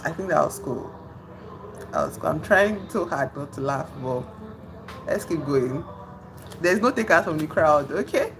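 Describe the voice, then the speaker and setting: A woman with a slightly low voice hosts a relaxed livestream, chatting loosely and filling pauses. She teases her silent chat. A steady hiss of background noise sits under her voice. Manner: chatty, trails off with fillers, teases an unresponsive chat. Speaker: live streamer.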